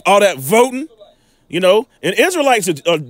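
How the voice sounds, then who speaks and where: A man teaches scripture in an informal, emphatic way, stopping his reading again and again to check that listeners follow. His voice sits high and swings widely in pitch. The sound is dry, with no room echo. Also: big pitch swings, moderate pace. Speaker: Bible teacher.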